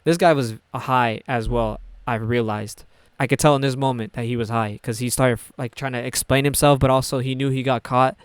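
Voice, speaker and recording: A man's voice: mid-range voice, steady tone, a little fast, clean tone, no room sound. A young man casually telling a story, rambling and swearing as he goes. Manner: rambling, profane, full of "like" and restarts.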